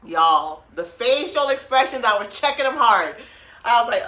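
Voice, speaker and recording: A woman's voice: high voice, very animated, takes it slowly, sharp tone, roomy sound. A middle-aged woman from Oregon, co-hosting a podcast, tells a story casually and acts out both sides of the talk, laughing often. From Oregon, USA. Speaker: podcast co-host.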